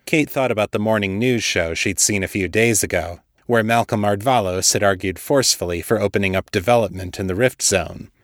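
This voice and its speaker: A male storyteller with a fairly low voice reads a scripted story in a steady, measured way. The recording is close and dry, with no room sound. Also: dry recording. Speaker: storyteller, podcast host. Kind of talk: scripted audiobook narration.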